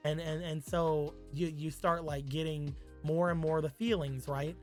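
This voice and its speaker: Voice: medium pitch, fairly even intonation, measured pace, faint music behind. A streamer casually telling a rambling, crude made-up story on a live stream, with many "like"s.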